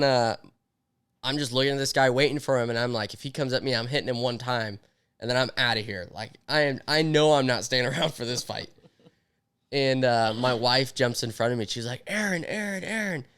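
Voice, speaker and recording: A man's voice: mid-range voice, clean tone. A young man telling a story in casual podcast chat, acting out his own quotes. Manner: animated, acts out quotes. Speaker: podcast co-host.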